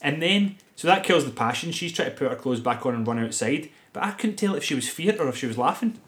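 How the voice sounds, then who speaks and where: A man's voice: a little high, expressive, fast, a bit bright. A man, co-hosting a podcast and recapping a film from his notes in casual chat, laughing often. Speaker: podcast co-host.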